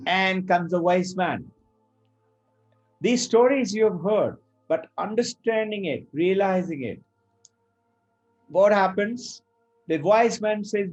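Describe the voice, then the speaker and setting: A middle-aged man teaching Vedanta, telling a story in an animated way and acting out the characters' lines. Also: high voice, normal speed, dull audio, faint music behind. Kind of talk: spiritual talk with storytelling.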